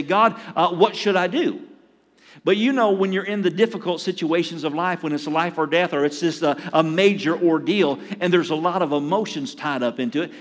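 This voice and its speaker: An older man, preaching a sermon to a congregation in a conversational way and telling a personal story. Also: a little high. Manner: conversational preaching with acted asides and chuckles. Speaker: pastor. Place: church sanctuary. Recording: long reverb in a church hall.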